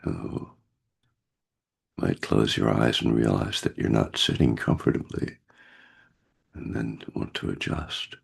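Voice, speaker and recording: A man with a cold leading a guided meditation over a video call, speaking gently with pauses and fillers. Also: extremely low pitch, steady tone, vocal fry, slightly rough. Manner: slow, gentle, pausing guidance with fillers. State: has a cold, husky voice. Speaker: meditation teacher.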